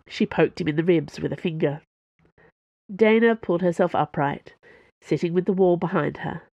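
A woman narrating a story in a calm, measured, scripted way. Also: on the low side, no room sound, lo-fi sound. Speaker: audiobook narrator.

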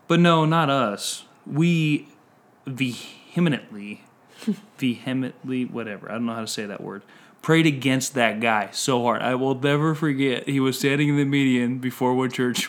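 A man in relaxed conversation, recounting an old story with a good deal of laughter. His voice sits at an everyday middle pitch, and he pokes fun at himself as he goes. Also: moderate pace. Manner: laughing, self-mocking storytelling. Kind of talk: casual chat.

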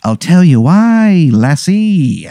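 A man's voice: fairly high pitch, big pitch swings, slow pace, creaky, mellow, no echo, studio quality, voice pushed up, heavily acted. A man voicing a drunken old male leprechaun who speaks in a terrible fake Irish accent with a sing-song lilt.

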